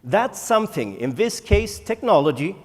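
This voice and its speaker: Lively male keynote speaker in a hall. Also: high-pitched. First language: Swedish. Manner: rhetorical questions to the audience, dramatic pauses. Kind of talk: conference keynote talk. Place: large conference hall. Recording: echoey conference hall.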